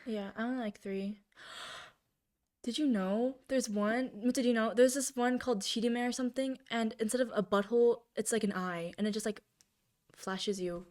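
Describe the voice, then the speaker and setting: A woman's voice: a little high, fairly even intonation, moderate pace, a little mellow. A young woman co-hosting a podcast, telling rambling stories full of fillers in casual chat. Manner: rambling storyteller, many fillers. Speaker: podcast co-host.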